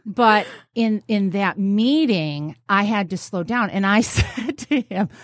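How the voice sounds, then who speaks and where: A woman therapist from New State, telling stories in a casual podcast chat, blunt and animated, swearing freely. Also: mid-range voice, slow, dry recording, clean studio sound. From New York State. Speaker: therapist guest.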